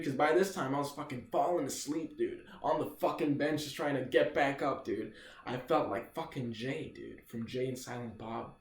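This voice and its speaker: A young man telling a rambling, profane story in a casual storytime video, tossing in "dude" constantly. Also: on the high side. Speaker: vlogger. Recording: echoey room.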